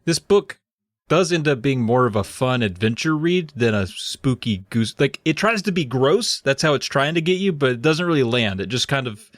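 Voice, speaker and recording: A man co-hosting a podcast, recapping a book in casual chat and acting out characters in quick put-on voices. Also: mid-range voice, lively intonation, no room sound. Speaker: podcast co-host.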